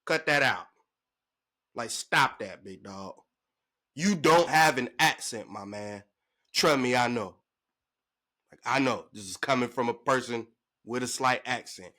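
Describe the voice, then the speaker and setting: A man ranting to camera in a sports vlog, emphatic and slangy, his pitch jumping up when he gets worked up. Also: unhurried, pauses often, bright, forceful tone. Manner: emphatic, slangy, calling the listener "bruh" and "big dog". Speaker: sports vlogger.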